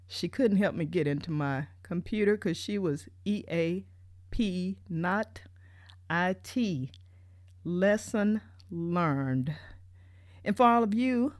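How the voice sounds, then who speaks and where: A woman telling a humorous personal story in an animated, playful way. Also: on the low side, no echo, clean studio sound. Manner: animated, playful, lots of voice jumps.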